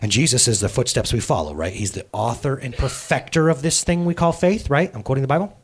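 A man in his thirties preaching a sermon as pastor, telling a story in a casual, animated way. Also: medium pitch, a little fast, a little hiss or hum.

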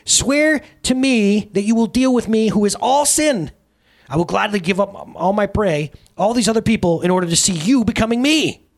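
A man voicing a shrill, screeching male spirit of sin, hysterical with delight, in a dramatic book reading. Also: animated, moderate pace. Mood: shrill gloating. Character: shrieking gleeful evil spirit of sin, male.

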